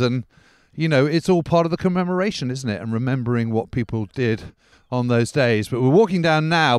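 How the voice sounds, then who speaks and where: A man's voice: mid-range voice, smooth, no echo, studio quality. A male podcast host giving a rambling on-location commentary outdoors, peppered with "sort of" and "kind of", while walking along a country road.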